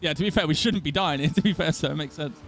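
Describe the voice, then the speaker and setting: A man's voice: fairly high pitch, fast talker, creaky, fairly bright tone, soft background music. A young man hosting a gaming video, joking, laughing and swearing in casual banter with friends.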